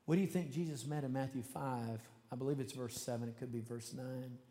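A man's voice: mid-range voice, a little fast. Earnest preaching man in a reverberant hall. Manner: earnest, conversational, speeds up in animated asides. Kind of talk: sermon storytelling to a congregation.

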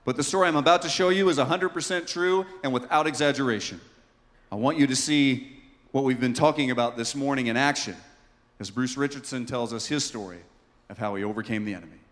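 A man preaching a sermon as pastor, moving from hushed tones to fervent emphasis. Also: medium pitch, a little fast, in a large hall. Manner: impassioned, swinging from hushed to loud.

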